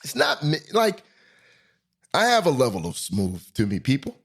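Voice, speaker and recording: Animated man hosting a comedic monologue. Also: normal speed, husky. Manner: animated, jumps between high and low pitch, laughs often. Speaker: podcast host.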